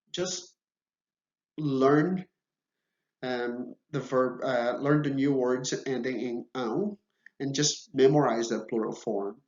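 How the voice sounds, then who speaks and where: Man, patient teacher, reassuring, echoey room, muffled sound. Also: fairly high pitch. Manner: patient, reassuring, says okay often. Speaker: Portuguese teacher. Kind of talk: slow, deliberate video lesson. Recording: roomy, slightly dull sound.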